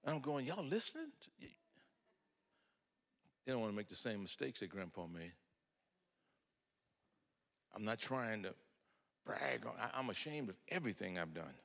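A man's voice: lowish voice, expressive, moderate pace, vocal fry, pauses often, a bit bright, in a large hall. An older man telling folksy, humorous family stories in a sermon, acting out the dialogue. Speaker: preacher. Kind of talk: storytelling sermon.

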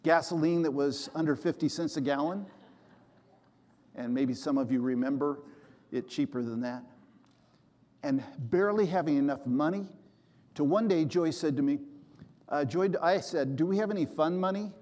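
A man's voice: a little high, moderate pace, pauses often, a little mellow, in a large hall. A man in his seventies, a pastor preaching a sermon and acting out the voices in his stories. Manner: storytelling preacher, acts out quoted voices.

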